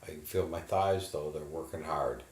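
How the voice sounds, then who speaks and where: A man in a guided imagery therapy session, slowly and haltingly describing what he feels in his body. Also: rumbling low, fairly even intonation, roomy sound. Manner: slow, halting, inward reporting of body sensations. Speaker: therapy client.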